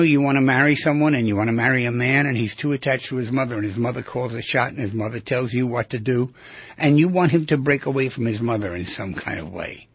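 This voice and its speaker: A man hosting a radio call-in show, musing aloud and asking rhetorical questions in a raspy, gravelly voice. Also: medium pitch, no echo, lo-fi sound. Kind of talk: reflective radio monologue.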